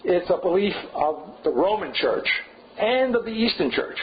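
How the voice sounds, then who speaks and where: In a dull, lo-fi classroom recording with a little hiss or hum, an older man leads an informal seminar, musing aloud in a wandering way and often checking in with a rhetorical "right?". He has a high-pitched voice with big pitch swings and speaks at normal speed.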